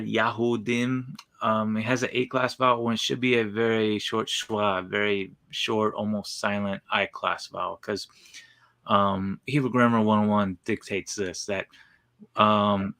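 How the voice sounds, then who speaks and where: A man with a fairly low voice talks in a casual, halting way, stopping often with fillers as he works through an explanation. The sound is dry and close. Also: gravelly, a bit bright, dry recording. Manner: hesitant, many fillers, explains grammar. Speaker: co-host. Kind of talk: casual podcast commentary.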